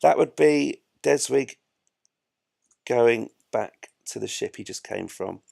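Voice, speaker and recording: A man's voice: medium pitch, slow, gravelly, mellow, no echo, studio quality. A man giving chatty, self-mocking live commentary while he plays a space game. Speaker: gameplay streamer.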